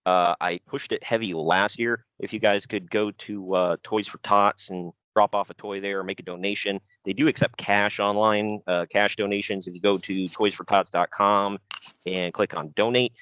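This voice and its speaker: A man's voice: fairly low pitch, steady tone, moderate pace, fairly bright tone, smooth, no echo. A man hosting a podcast in casual chat, easygoing and rambling with lots of fillers and restarts. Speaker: podcast host. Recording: dull, lo-fi sound.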